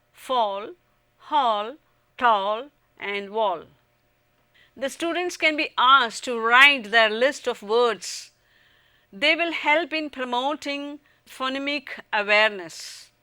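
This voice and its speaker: Woman w/ indian english accent reading a lesson script, bright tone, kinda high, dry sound. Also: dry recording. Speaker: lecturer. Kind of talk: scripted educational narration.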